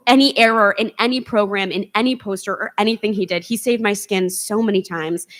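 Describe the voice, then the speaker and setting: A woman's voice: medium pitch, fairly bright tone. A young woman, a former box office worker, gives a memorial tribute from a theater stage, talking in a chatty way with lots of ums. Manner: chatty, with frequent ums and laughs. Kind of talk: speech at a memorial event.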